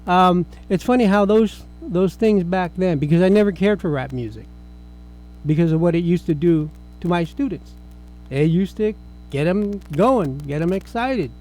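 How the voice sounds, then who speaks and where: A middle-aged man with a high voice hosts a relaxed film review chat. His tone is mellow and soft-edged, and he rambles along, restarting sentences as thoughts occur to him. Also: moderate pace, poor audio. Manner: chatty, rambling, with frequent restarts. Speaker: film review show host.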